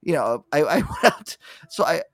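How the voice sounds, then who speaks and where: A man's voice: a little high, big pitch swings, moderate pace, no echo. Radio show guy ranting, cursing, lots of restarts, voice jumps all over, dry sound. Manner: profane, rambling storyteller with many restarts. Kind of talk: casual on-air rant.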